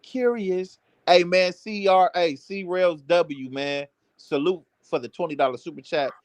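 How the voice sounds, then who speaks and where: Stream co-host, man, mocking and animated, high voice, slow delivery. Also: no room sound. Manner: animated, laughing, mocking, swearing. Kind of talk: livestream banter.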